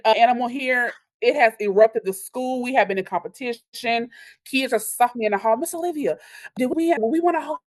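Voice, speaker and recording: A woman teacher, telling animated stories in a podcast interview and acting out what her students say. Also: mid-range voice, no echo. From Louisiana. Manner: animated storyteller, acts out quotes from kids. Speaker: elementary school teacher.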